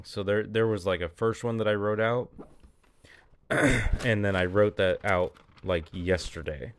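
A man's voice: low voice, no room sound, studio quality. A man talking casually about short films he is writing, rambling and laughing often. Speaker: filmmaker describing his short films. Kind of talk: casual vlog.

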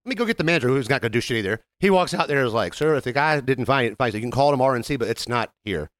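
A man's voice: medium pitch, very fast, no echo. A man co-hosting a casual podcast, telling stories with animation, acting out the people in them and swearing freely. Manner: animated, acts out customer quotes, swears freely. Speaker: podcast co-host. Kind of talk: casual chat, storytelling.

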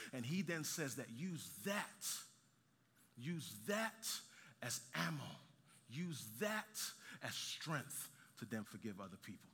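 A man from Nigeria preaching a sermon, telling a story with animated, joking asides to the congregation. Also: medium pitch, takes it slowly, a little hiss or hum. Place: large church hall. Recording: reverberant hall.

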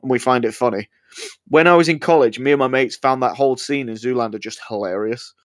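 A man's voice: medium pitch, quick pace, no echo. A young man co-hosts a podcast in easy, casual chat. He rambles and swears a lot, joking along. His voice sounds dry and close to the mic. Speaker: podcast co-host.

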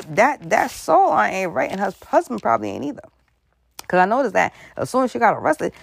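Brief: gravelly conspiracy vlogger, rambling and suspicious, dry close sound. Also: medium pitch, big pitch swings, a little fast, no echo. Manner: laughs mid-sentence. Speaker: commentary vlogger. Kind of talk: casual conspiracy commentary.

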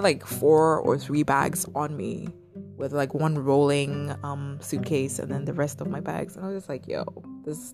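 A young woman telling a story to her viewers in a casual, animated way, acting out her own thoughts. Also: sits low. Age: young adult. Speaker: vlogger. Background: guitar music.

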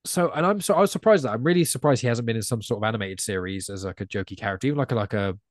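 A man's voice: on the low side, racing, no echo, studio quality. An English man with a chatty, rambling way of talking, a guest on a casual podcast. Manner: chatty, rambling, self-correcting.

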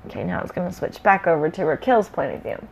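A woman reading a story aloud in a relaxed way, with chatty asides between passages. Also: lowish voice, fast, vocal fry, poor audio. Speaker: story reader. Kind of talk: casual read-aloud of a story.

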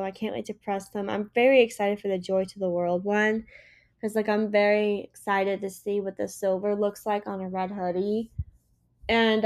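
A woman's voice: mid-range voice, darkish tone. A young woman hosting a casual solo podcast, chatting in a rambling way with lots of filler words, tired and yawning. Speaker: podcast host and small business owner.

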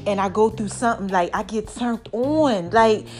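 A woman hosting her own podcast, talking casually and excitedly to her listeners, laughing often. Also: mid-range voice, normal speed, faint music behind. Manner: hyped, expressive, laughs often. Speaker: podcast host.

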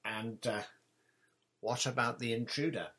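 A man's voice: medium pitch, fairly even intonation, measured pace, sharp tone, slightly rough, voice pushed up. A man reading as a harried ministry wizard father. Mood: hurried. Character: harried middle-aged male ministry wizard, hurried.

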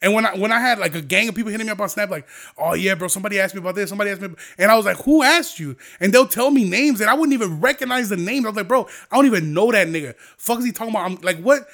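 A young man hosting a podcast, ranting profanely and heatedly, swinging between low mutters and loud outbursts. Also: lively intonation, very fast. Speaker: podcast host.

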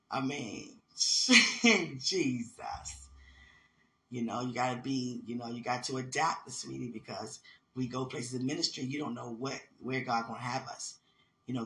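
A man in ministry telling rambling personal stories in a casual, animated way. He laughs often and keeps asking "you understand?". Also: medium pitch.

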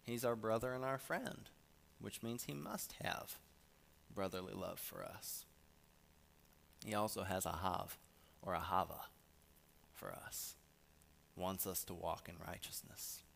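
A man preaching a sermon, reading scripture with emphasis and swinging from soft asides to loud lines. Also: low-pitched, unhurried, creaky, pauses often, a little hiss or hum.

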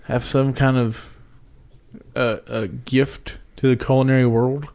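A man's voice: mid-range voice, level tone, a little slow, a little mellow, smooth. A man co-hosting a casual chat, dry and wry, reading facts off a screen.

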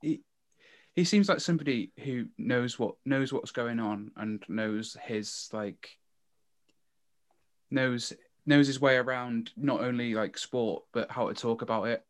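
A man's voice: mid-range voice, measured pace. A man co-hosting a podcast, telling stories animatedly and stumbling over restarts as he chats about football. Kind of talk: casual chat about football.

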